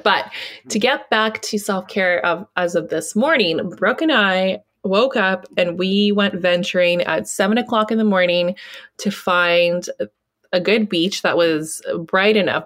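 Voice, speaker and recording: A woman's voice: mid-range voice, normal speed, a bit bright. A woman co-hosting a podcast, chatting casually, laughing often and acting out her inner voices. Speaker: podcast co-host.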